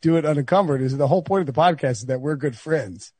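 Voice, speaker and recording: A man's voice: on the high side, quick pace, darkish tone, breathy edge, no room sound. A man hosting a sports podcast, rambling and laughing through stories with his friends. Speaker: podcast host. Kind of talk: casual sports podcast banter.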